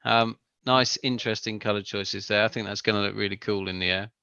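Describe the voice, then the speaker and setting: A man's voice: lowish voice, fairly even intonation, fairly quick, creaky, bright, forceful tone, clear, resonant tone, no echo, highs cut off. A man hosting a live build-along stream, chatty and greeting viewers as they join. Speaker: stream host and co-presenter. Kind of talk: casual live-stream chat.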